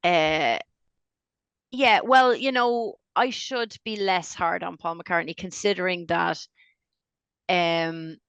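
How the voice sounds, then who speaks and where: A middle-aged woman chatting on a podcast, her voice full of gravelly fry. She tells stories with lots of swearing and laughter. The sound is dry and close. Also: fairly low pitch, slow pace, no room sound, lo-fi sound. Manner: profane, animated storyteller, laughs often. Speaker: podcast co-host. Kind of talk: casual chat.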